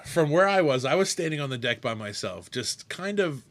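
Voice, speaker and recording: A man co-hosting a casual chat, telling stories in an animated, excitable way. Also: fairly high pitch, normal speed. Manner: animated storyteller. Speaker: podcast co-host.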